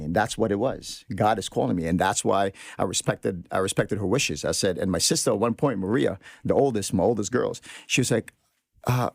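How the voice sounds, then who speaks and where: A man's voice: fairly low pitch, a little fast, vocal fry, no room sound, clean studio sound. A man telling a personal story on a podcast in an earnest, reflective way. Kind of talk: casual podcast conversation.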